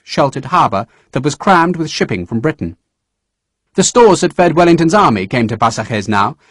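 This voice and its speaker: A man narrating a historical novel audiobook in a measured storytelling manner. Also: medium pitch, fairly bright tone, no echo, studio quality. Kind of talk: scripted narration.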